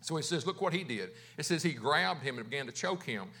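A man's voice: on the high side, animated, brisk, pushed and bright. A man preaching a sermon as pastor, talking conversationally, restarting words and putting questions to his congregation.

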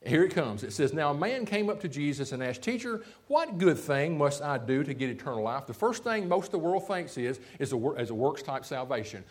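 A pastor preaching a sermon. His voice sits a little high and swings widely up and down as he presses his points. He keeps drawing the congregation in with quick asides. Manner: lively preaching with frequent "see?" and "okay?" asides.

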